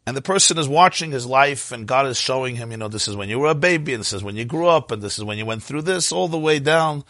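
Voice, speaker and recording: A man teaching a sermon, telling stories in an animated way that climbs to emotional peaks. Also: mid-range voice, fast, no room sound, studio quality. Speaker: rabbi.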